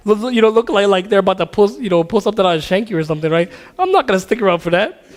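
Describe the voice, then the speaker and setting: Fast, high-voiced man in an echoing hall. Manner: storytelling, laughing, animated asides. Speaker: teacher at a mosque. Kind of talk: casual religious class talk. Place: mosque hall. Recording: hall reverb.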